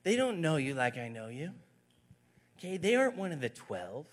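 A man's voice: sits high, lively intonation, measured pace, a bit bright, pitched above the performer's own voice. A man voicing a petulant young male disciple in a whiny, complaining voice. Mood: whining. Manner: complaining, tattling.

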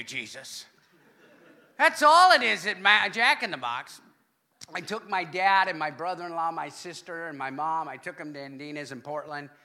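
A man preaching a sermon to his congregation, animated, with loud exclamations and hushed asides. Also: sits high, creaky. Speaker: pastor.

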